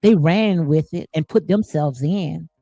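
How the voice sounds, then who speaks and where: A woman's voice: low-pitched, unhurried, warm tone, no echo, faint music behind. A woman giving impassioned spiritual commentary, preachy and emphatic, repeating phrases for emphasis. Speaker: commentary host.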